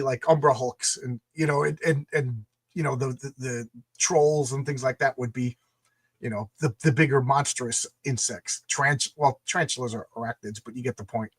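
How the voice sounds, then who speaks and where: A man's voice: mid-range voice, dry recording. A man hosting a casual conversation, talking in an enthusiastic, rambling way with many restarts. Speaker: podcast host.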